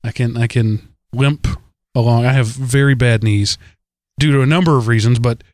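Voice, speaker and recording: A man's voice: medium pitch, normal speed, darkish tone, no room sound, clean studio sound. A man hosting a podcast in casual chat, teasing and wordy. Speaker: podcast host.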